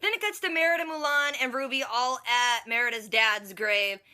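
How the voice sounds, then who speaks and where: A young woman vlogger giving a casual, slangy recap of a TV episode, with quick chatty asides. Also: fairly high pitch, bright, forceful tone.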